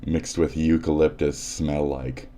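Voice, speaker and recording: This is a man with a very low voice, hosting a live stream and reacting to the news. He rants in a casual way, sarcastic and combative, and swears often. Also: flat delivery, a little slow, mellow. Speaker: livestream host. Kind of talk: profane ranting commentary.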